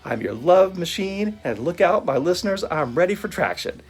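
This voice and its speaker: A man's voice: high-pitched, sing-song, moderate pace, breathy edge, faint music behind, voice pushed up, heavily acted. A man voicing an eager, persistent young man who keeps politely asking for a job. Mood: showy DJ patter. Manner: polite, upbeat, keen.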